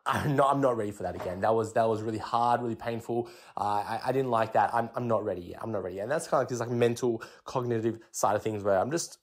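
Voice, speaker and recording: A young man, hosting a fitness podcast and explaining things in a relaxed, chatty way, with many fillers and restarts. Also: mid-range voice. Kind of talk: casual explanatory talk.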